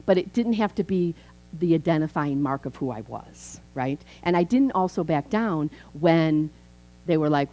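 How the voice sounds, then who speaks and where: Fifty-something lady preacher, low voice, chatty and animated, talks like she's telling a story. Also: moderate pace, a little hiss or hum, low-quality recording. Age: 50s. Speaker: minister. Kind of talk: conversational sermon. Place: church.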